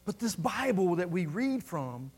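A man's voice: high voice, big pitch swings, a little slow, breathy edge. A man preaching a sermon as pastor, fervent and building through repeated phrases.

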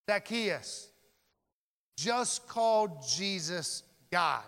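A man with a high voice preaches a sermon in a church. He drives his points home with dramatic pauses and drawn-out key words. The sound trails off in a long hall reverb. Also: expressive, a bit bright. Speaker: pastor.

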